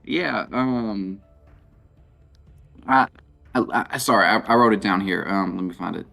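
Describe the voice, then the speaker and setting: A man's voice: lowish voice, slow, creaky, pauses often, pushed and bright, soft background music. A man playing a tabletop game, answering hesitantly with stumbles and fillers. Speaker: player. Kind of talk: in-character tabletop play.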